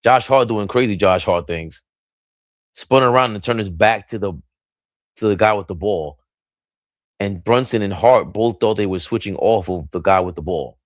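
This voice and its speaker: A lower-voiced man calls a basketball game live from a small room at home, mixing quick play-by-play with bursts of hype and playful nicknames. The close mic leaves his voice dry with almost no room sound. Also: no room sound. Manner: hyped, sing-song nicknames, excited outbursts. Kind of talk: casual play-by-play commentary.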